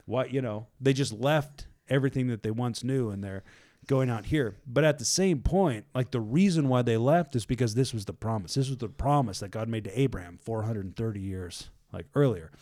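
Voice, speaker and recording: A man in casual faith chat, retelling a Bible story in a loose, animated way, full of fillers and acted-out voices of a panicked crowd. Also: medium pitch, brisk. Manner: loose and animated, many fillers like "like" and "you know".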